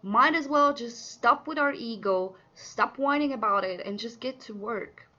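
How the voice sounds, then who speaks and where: A woman doing a casual tarot card reading, chatty and earnest, with many fillers and sudden excited outbursts. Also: fairly high pitch, measured pace, lo-fi sound. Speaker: tarot reader.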